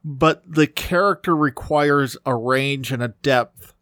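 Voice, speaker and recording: Excited man in a dry podcast booth. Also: medium pitch, slow, no echo. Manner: enthusiastic, talks with frequent restarts. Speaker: podcast co-host. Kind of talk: casual film discussion.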